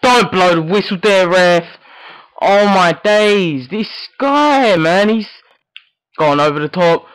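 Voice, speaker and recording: A man giving excitable live commentary on his own football video game match, yelling reactions at every play. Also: sits high, takes it slowly, smooth, no room sound, rough recording. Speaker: gaming YouTuber.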